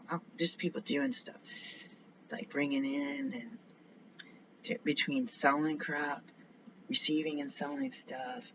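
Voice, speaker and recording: A man's voice: fairly high pitch, gravelly. Rambling man vlogging, muffled recording. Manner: rambling, drifts between topics, often drops to a whisper. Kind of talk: casual rambling monologue. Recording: slightly dull lo-fi recording with faint noise.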